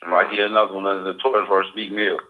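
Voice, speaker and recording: A man's voice: sits low, level tone, fast talker. Profane man talking loosely on phone-quality radio. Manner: loose, profane street talk. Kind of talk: casual radio talk. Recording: phone-like lo-fi audio.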